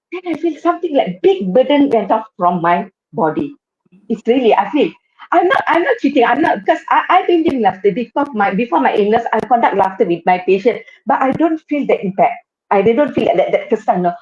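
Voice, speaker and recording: A woman's voice: on the high side, very animated, fairly quick, darkish tone, lo-fi sound. A woman in her fifties with a Malaysian English accent, a guest telling her personal story earnestly, often repeating phrases for emphasis. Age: 50s. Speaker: guest, cancer survivor and occupational therapist. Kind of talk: personal storytelling on a live web show.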